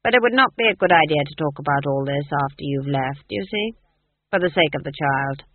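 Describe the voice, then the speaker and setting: A man's voice: on the high side, lively intonation, brisk, no room sound. A man voicing a stern older witch woman, blunt and commanding, with a curt, firm delivery. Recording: tinny phone-like dry recording.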